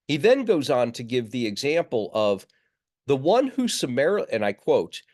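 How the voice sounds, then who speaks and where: Man lecturing over a video call. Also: medium pitch. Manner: measured, with filler words and restarts. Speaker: seminary lecturer. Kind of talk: online lecture. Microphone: computer mic on a video call.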